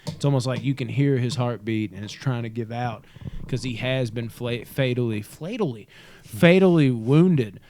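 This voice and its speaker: A man co-hosting a podcast, recapping a movie in casual, excited, profane chat. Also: medium pitch, normal speed, slight background noise. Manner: excited, profane, retells scenes with acted quotes. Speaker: podcast co-host. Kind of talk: casual film discussion.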